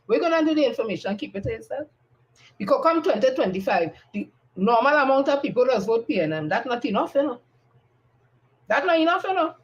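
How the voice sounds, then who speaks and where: A woman's voice: on the high side, poor audio. A woman with a Trinidadian accent, giving a blunt, combative live-stream monologue and repeating her points for emphasis. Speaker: political commentator on a live stream.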